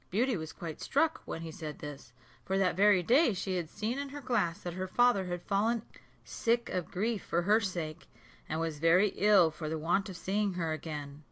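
A woman narrating a fairy tale aloud in a slow, clear reading voice. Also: on the low side, a bit bright.

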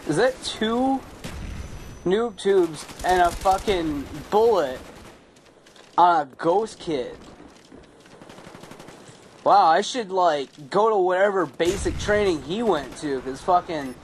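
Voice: mid-range voice, expressive, takes it slowly, long pauses, slight background noise. Young gamer, gameplay commentary, profane ranting, faint gunfire behind. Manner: profane, ranting, frequent outbursts. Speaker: gamer commentating own play.

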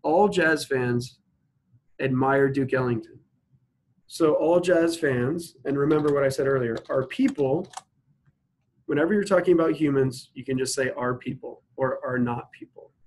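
A man's voice: medium pitch, darkish tone, rough recording. Man talking through logic problems step by step. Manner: explains step by step, asks students to pause and think; slows to spell out examples word by word. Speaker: instructor. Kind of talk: recorded logic lecture.

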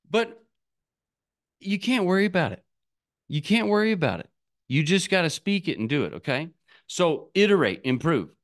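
A man coaching online entrepreneurs in an unpolished, candid way, cursing casually and slipping into quoted versions of his younger self. His voice sits high and rises and falls widely as he talks. It comes across as loose and informal. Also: fairly bright tone. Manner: candid, swears freely, acts out his past self. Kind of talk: casual motivational talk.

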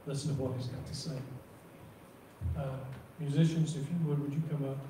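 A man preaching a sermon in church, reading scripture slowly and repeating words as he talks. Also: medium pitch, fairly even intonation, mellow. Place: church sanctuary. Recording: roomy echo from far off, faint noise.

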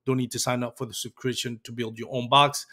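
A man's voice: medium pitch, flat delivery, quick pace, pushed and bright. A man hosting a fishing live show, reading sponsor notes and interviewing loosely, with "um" and "uh" fillers. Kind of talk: sponsor reads and casual interview.

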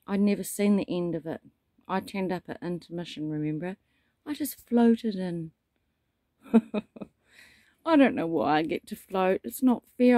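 A man's voice: sits high, darkish tone, no room sound, clean studio sound. A man delivering a rambling spiritual monologue, telling stories with dramatic asides. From New Zealand. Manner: meandering storyteller, dramatic asides. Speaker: self-styled prophet.

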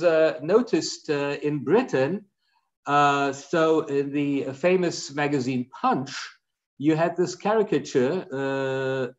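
A male professor giving an academic lecture, pausing often with fillers and asking for the next slide. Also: mid-range voice, lo-fi sound. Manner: hesitant, many fillers.

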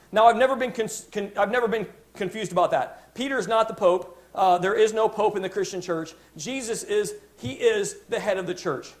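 A man's voice: sits high, moderate pace. A man preaching a sermon as pastor, emphatic, stopping to restart phrases and asking his congregation "Amen?".

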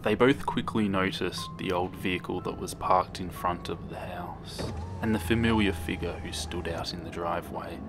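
A man reading a horror story as scripted narration, steady and measured. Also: low voice. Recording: narration over loud music.

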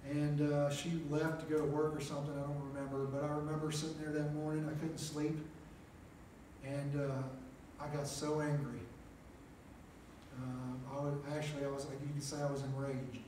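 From the pulpit of a small chapel, a middle-aged preacher gives a plainspoken testimony sermon, packed with "uh" and "make a long story short." His voice is a little high for a man, with little pitch movement and a moderate pace. The mic sits at a distance, so he rings through the echoey room over a noisy background.

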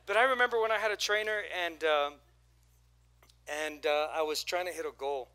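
A man's voice: on the high side, normal speed, sharp tone, smooth. A man preaching a sermon as pastor, talking in a loose, storytelling way and getting the congregation to repeat lines to each other. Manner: conversational, storytelling with acted quotes and crowd prompts. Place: church auditorium.

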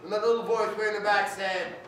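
A man in his sixties, a storyteller performing live for schoolchildren, animated and playful as he calls on the audience. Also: sits high, fairly quick. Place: elementary school hall. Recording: echoey hall from far off, noisy.

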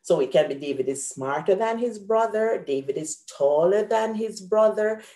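A woman's voice: mid-range voice, expressive, normal speed, dark tone, reverberant. A woman hosting an online grammar lesson, patiently explaining each example step by step. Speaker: host and teacher.

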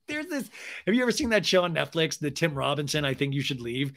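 A man's voice: on the high side, quick pace. A young adult man hosting a comedy podcast, recapping reality TV with rambling asides and acted-out quotes. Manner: animated, acts out quotes in funny voices. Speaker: podcast host.

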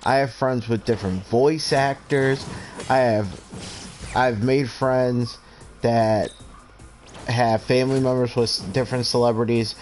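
This streamer, a man in his twenties who stutters, talks casually while playing a game, earnest and rambling and heartfelt. His medium-pitched voice is steady, unhurried and a little mellow, with faint music behind it.

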